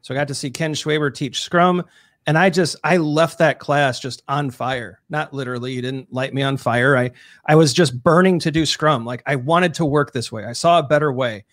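A man's voice: on the high side, moderate pace, fairly bright tone, dry recording. A man co-hosting a podcast in casual chat, upbeat, reading listener questions aloud. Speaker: podcast co-host.

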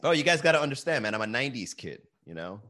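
A man in his late thirties talks loosely to his listeners, swearing often and calling them bro and man. His voice sits at an ordinary middle pitch. He rants in a casual, rambling way. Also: sing-song, fast, pushed and bright. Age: 30s. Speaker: podcast host. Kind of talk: casual profane rant.

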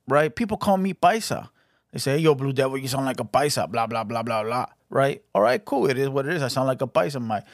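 A man with a Mexican American accent, commenting casually on clips as host, fast and animated, swearing and asking "right?" a lot. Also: mid-range voice, no room sound, clean studio sound. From United States.

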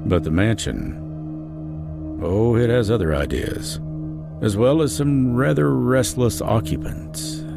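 Man narrating dramatically with lively pitch. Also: takes it slowly, vocal fry, over music. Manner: dramatic storytelling with wide swings in pitch. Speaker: podcast host and audiobook narrator. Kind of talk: true-crime podcast narration.

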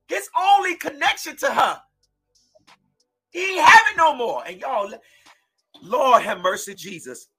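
Fiery high-voiced male podcast host. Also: animated, a little slow, pauses often, soft background music, rough recording. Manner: fiery, preachy, shouts in bursts. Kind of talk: impassioned true-crime commentary.

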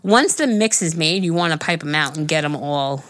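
A woman co-hosting a casual podcast, telling stories in a lively, teasing way with casual swearing. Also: low voice, moderate pace, a little hiss or hum. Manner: lively storytelling, teasing, profane. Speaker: podcast co-host. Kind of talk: casual chat.

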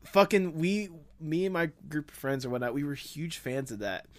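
A young man chatting casually on a podcast, his voice sitting a bit high. He rambles through stories with plenty of fillers and restarts, swearing freely and breaking into laughter. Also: lively intonation, normal speed. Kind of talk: casual chat.

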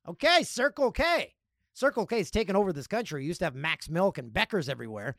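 A man hosting a podcast, telling stories in a casual, animated way and acting out other people's lines. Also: high-pitched, a little fast, no echo, studio quality. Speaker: podcast host. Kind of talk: casual storytelling.

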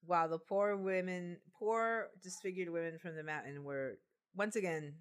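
This woman hosts a podcast where she reads a folk tale aloud and jokes with friends, her voice fairly low, clear, and resonant, at a moderate pace. The chat is casual, and she's playful, laughing often.

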